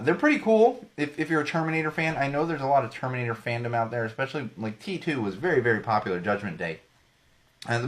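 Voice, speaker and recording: Rambling male podcast host, slightly hoarse. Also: medium pitch. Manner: rambling, self-correcting, jokey. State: slightly losing his voice. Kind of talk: casual solo commentary.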